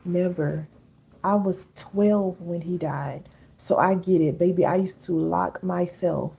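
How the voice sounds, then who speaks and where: Woman host, middle-aged, dark mellow tone with some rasp, talking casually to her live viewers. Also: on the low side, fairly even intonation, unhurried. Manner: chatty, reads viewer comments aloud, calls viewers baby and girl. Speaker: live-stream host and healing coach. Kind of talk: casual live-stream coaching talk.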